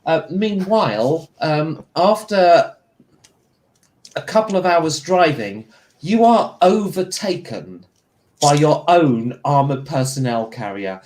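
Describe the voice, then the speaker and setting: A man's voice: a little high, expressive, takes it slowly, a little mellow. A man running a tabletop game as game master, narrating in a loose, rambling way with plenty of fillers.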